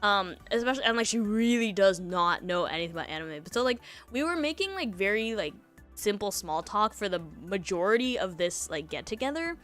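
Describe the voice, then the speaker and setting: A woman's voice: mid-range voice, animated, a little fast, fairly bright tone, soft background music. A young woman streamer telling a story in casual chat, rambling with lots of fillers and laughs between thoughts.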